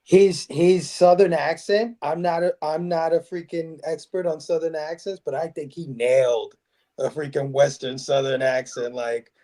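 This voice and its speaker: A man's voice: fairly high pitch, fairly even intonation, normal speed, mellow. A man co-hosting a casual movie review podcast, speaking emphatically and loosely. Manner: emphatic, peppers talk with "man" and "freaking". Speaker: podcast co-host.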